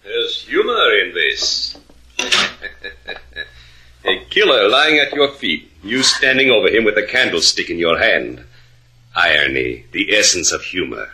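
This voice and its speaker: An actor playing a cold, ironic villain who gloats slowly, with a husky voice, in a 1950s radio drama. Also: male voice, deep voice, very animated, bright, forceful tone, a little hiss or hum, full character voice. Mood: gloating. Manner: slow, gloating.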